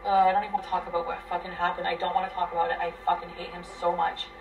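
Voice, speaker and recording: A woman venting a tangled relationship story, profane and rambling, her voice swinging between loud bursts and near mutters. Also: lowish voice, level tone, very fast, gravelly, far from the mic, highs cut off, soft background music. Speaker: guest telling her story. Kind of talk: emotional venting.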